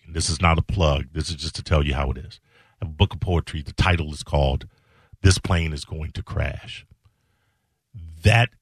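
A middle-aged man hosting a show, telling a personal story slowly and earnestly, with halting emphatic repetitions. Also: rumbling low, slightly rough, no room sound, clean studio sound. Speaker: show host.

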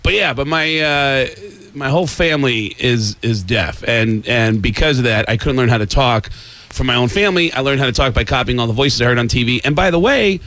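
A man from New York with no regional accent, a comedian and impressionist guest telling stories in casual interview chat, animated and slipping into voices. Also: medium pitch, a little fast, dry recording. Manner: animated storyteller who slips into voices.

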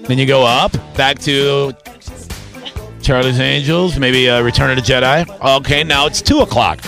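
A man's voice: medium pitch, steady tone, normal speed, gravelly, pushed and bright, faint music behind. A man hosting a radio show, bantering and reading odd news stories in a loose, teasing way. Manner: joking, teasing, reads news items loosely. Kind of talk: casual morning radio banter.

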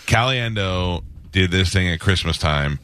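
A man's voice: deep voice, unhurried, bright, forceful tone, clean tone, no echo. A man hosting a radio talk show, chatting casually and chiming in with short affirmations. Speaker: radio host. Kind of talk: casual chat.

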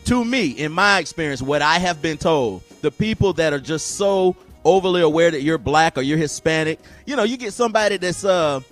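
A man hosting a radio show, telling stories in a casual, animated way and often mimicking other people. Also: on the high side, brisk, few pauses, faint music behind. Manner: animated storyteller, mimics voices, laughs often.

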